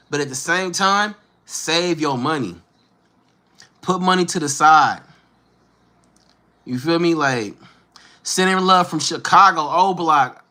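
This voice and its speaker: A man in his thirties from Northern California talks loosely and slangily to his viewers, with a Northern Californian accent. His voice is bright and forceful and sits a little high for a man. He answers viewers directly in an easy livestream chat. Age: 30s. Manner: laid-back, slangy, talks straight to viewers. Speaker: livestream host.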